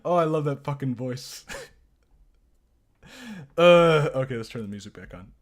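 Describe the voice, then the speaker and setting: A man's voice: mid-range voice, animated, a little slow. A man streaming live gameplay, commenting casually in a joking, profane, self-mocking way. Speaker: game streamer.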